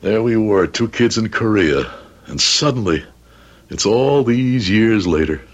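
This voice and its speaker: A man's voice: on the low side, expressive, unhurried, dull audio. An actor playing a jovial, chatty businessman husband in his forties. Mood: genial. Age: 40s. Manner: jovial, laughing, nostalgic. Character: genial, chatty 42-year-old businessman husband.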